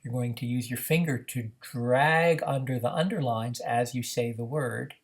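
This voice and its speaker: A man teaching how to run a reading activity, explaining in a measured way with frequent "uh" fillers. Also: mid-range voice. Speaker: reading program instructor. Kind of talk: instructional demonstration.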